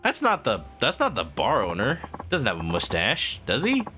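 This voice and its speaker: A man streaming a video game live with animated, laughing commentary. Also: mid-range voice, moderate pace, soft background music.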